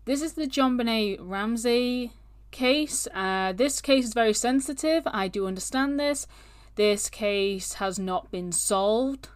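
A woman's voice: a little high, slow, clean tone. A woman co-hosting a podcast, chatting casually and rambling from one point to the next. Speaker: podcast co-host. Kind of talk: casual chat.

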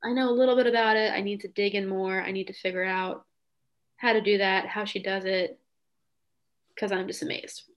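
A young woman hosts a relaxed podcast conversation. She talks with eager enthusiasm, her sentences full of "um" and "like" as she gushes along. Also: medium pitch, fairly quick, dull audio. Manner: enthusiastic, lots of "um" and "like". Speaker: podcast host. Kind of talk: casual chat.

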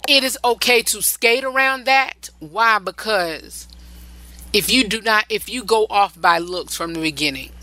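A woman's voice: medium pitch, measured pace, pushed and bright, low-quality recording. A woman hosting a relationship advice show, talking casually, stressing her points by repeating phrases and often rambling and restarting. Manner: loose, rambling delivery with restarts.

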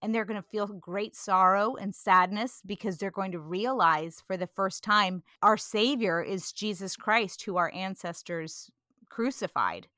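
A woman from California talking earnestly about scripture in a casual discussion, animated and quick to laugh. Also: medium pitch, dry recording, studio quality.

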